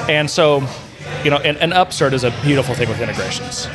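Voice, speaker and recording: A man's voice: on the high side, animated, brisk, music in the background. A man co-hosting a casual technical chat, rambling and self-correcting as he explains integration work with enthusiasm. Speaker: podcast co-host, software integration developer.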